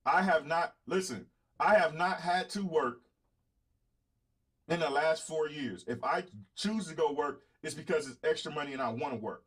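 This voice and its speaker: A middle-aged man with a Southern drawl talks straight to his viewers, boastful and confrontational, swearing freely. His voice sits a little high for a man. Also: moderate pace, a bit bright, husky. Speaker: podcast host. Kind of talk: blunt casual monologue to viewers.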